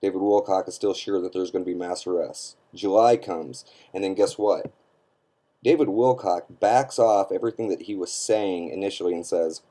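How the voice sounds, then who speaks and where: A man's voice: on the low side, moderate pace, mellow. A man giving an emphatic, scornful opinion rant to camera, often checking in with his listeners by asking "okay?". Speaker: online commentator.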